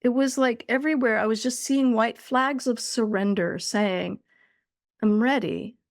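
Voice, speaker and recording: Slow, earnest woman, fairly high voice. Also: no echo, studio quality. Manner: slow, earnest, deliberate storytelling. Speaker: podcast guest. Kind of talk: recounting a spiritual experience.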